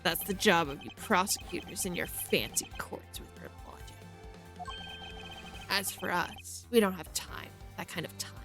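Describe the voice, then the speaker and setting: A woman's voice: lowish voice, expressive, measured pace, over music. A woman voicing a brash, arrogant male police agent in a game read-through, talking cocky and dismissive.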